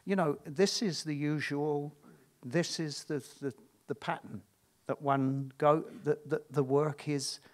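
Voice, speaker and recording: A man's voice: on the high side, fairly even intonation. A middle-aged man, an actor, chatting candidly at a screening Q&A, with a stop-start manner full of restarts. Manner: halting, stop-start, self-interrupting. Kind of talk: candid anecdotal chat.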